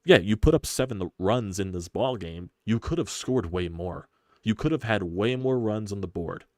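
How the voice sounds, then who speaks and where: A man hosting a live sports stream, ranting in frustration with rapid-fire rhetorical questions and profanity. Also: fairly low pitch, no echo, clean studio sound. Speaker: sports channel host.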